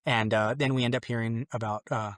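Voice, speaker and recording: Man from Mexico, earnest rambling testimony, mid-pitched voice, dry close sound. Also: steady tone, a little fast, dry recording. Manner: rambling, earnest storytelling with many restarts and fillers; acts out his own past exclamations in a louder, higher voice. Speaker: podcast guest. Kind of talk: personal conversion testimony in conversation.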